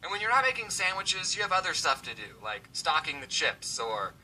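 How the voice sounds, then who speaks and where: A young man telling comic stories in an animated, sarcastic way, sometimes putting on voices for the people in them. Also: sits high, a little fast, slight background noise, poor audio. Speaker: animated storyteller. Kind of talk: comedic storytelling to the camera. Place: Arizona.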